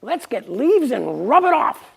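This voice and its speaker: A woman doing Even, a shrill husky young woman. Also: measured pace, full character voice. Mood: eager. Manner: shrill, insistent.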